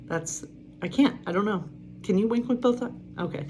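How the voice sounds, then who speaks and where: A woman's voice: mid-range voice, moderate pace, a little mellow, slight background noise. A woman pastor reading a bedtime story aloud, with chatty, casual asides and laughs.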